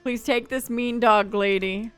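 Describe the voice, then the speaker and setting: A woman's voice: fairly high pitch, steady tone, a little slow, clear, resonant tone, faint music behind, natural voice. A woman voicing a flustered game character who stammers as she refuses a mean dog.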